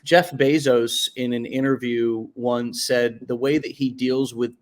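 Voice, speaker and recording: A man's voice: medium pitch, fairly even intonation. A man hosting an interview podcast, talking in a casual coaching way and stretching out words for emphasis. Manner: coaching, drawn-out emphatic phrases. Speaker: podcast host.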